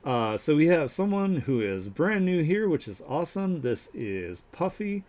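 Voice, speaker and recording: A man's voice: a little high, very animated, a little slow, darkish tone. A man hosting a live art share stream, chatting casually and upbeat, full of fillers and restarts as he gushes over each piece of artwork.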